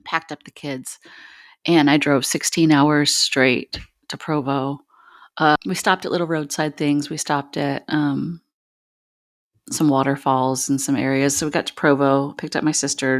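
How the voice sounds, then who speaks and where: A woman host candidly telling a personal story on a podcast, halting and pausing often. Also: sits low, fairly even intonation, no echo, clean studio sound. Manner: candid, halting, many pauses.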